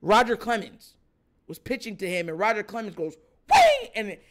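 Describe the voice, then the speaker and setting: A man's voice: sits high, a little fast, fairly bright tone. A man in casual sports talk, speaking emphatically in slang, laughing often and often asking "you know what I'm saying.".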